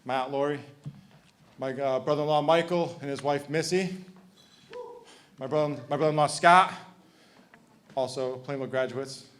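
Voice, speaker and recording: A man's voice: mid-range voice, normal speed, pauses often, fairly bright tone. Brief: thirties man at an awards podium, emotional but joking, faint background noise. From Connecticut. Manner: emotional, heartfelt, joking with audience. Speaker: hall of fame inductee. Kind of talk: acceptance speech.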